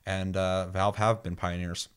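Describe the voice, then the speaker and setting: A man hosting a casual podcast chat, animated and swearing freely as he rants. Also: sits low, unhurried, clear, resonant tone. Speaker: podcast host.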